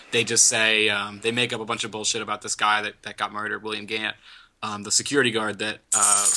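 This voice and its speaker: Very bright-voiced man recapping a show. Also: fairly low pitch. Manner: rambling, with many fillers and restarts while retelling scenes. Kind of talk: casual TV recap chat.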